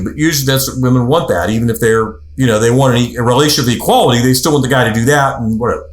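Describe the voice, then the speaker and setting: A man hosting a relationship talk show, chatting casually as a counselor who tells stories and acts out quotes. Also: mid-range voice. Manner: conversational, storytelling, acts out quotes. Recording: roomy echo.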